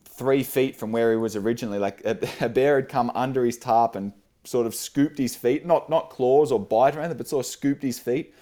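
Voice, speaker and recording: A man's voice: mid-range voice, fairly quick, dark tone. A man, a guest on the show, telling a casual story with fillers and frequent laughs. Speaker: podcast guest.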